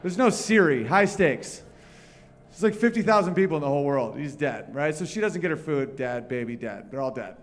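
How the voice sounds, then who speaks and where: A man's voice: on the high side, animated, normal speed. A man performing a brash, profane stand-up comedy set at a live venue.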